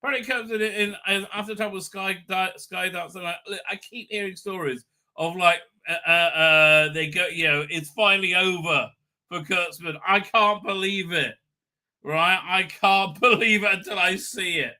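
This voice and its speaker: Middle-aged male stream host, slightly high and very sharp-toned, rambling and chatty, laughs easily while working through chat. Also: moderate pace. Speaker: livestream host. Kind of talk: casual live chat, reading viewer comments.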